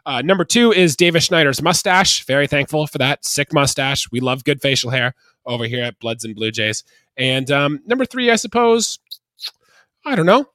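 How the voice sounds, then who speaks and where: A man's voice: a little high, expressive, normal speed, pushed and bright, no room sound. A Canadian man hosting a sports podcast, upbeat and chatty, steering topics and quizzing his co-host. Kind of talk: casual sports podcast chat.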